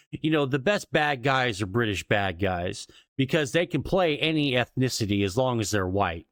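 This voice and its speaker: A man's voice: mid-range voice, a bit bright, no echo, clean studio sound. A man co-hosting a podcast in casual chat, rambling and stammering with lots of swearing. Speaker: podcast co-host.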